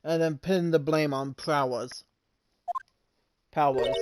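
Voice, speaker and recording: A woman streamer giving casual let's-play commentary, reading game dialogue aloud and reacting with loud laughter. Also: deep voice, fairly even intonation, takes it slowly, soft background music. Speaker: gaming streamer.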